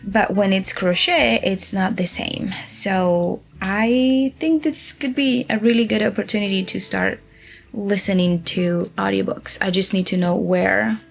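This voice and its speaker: A woman's voice: medium pitch, unhurried, gravelly, soft background music. A woman from Spain with a Spanish accent, chatting casually as a crochet vlogger and thinking aloud as she works. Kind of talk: casual chat while crafting.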